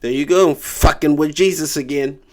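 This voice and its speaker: A man's voice: fairly high pitch, moderate pace. A man giving a casual tarot reading, joking around and stumbling as he reads passages aloud. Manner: rambling, joking, stumbles over read-aloud text. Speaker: tarot reader.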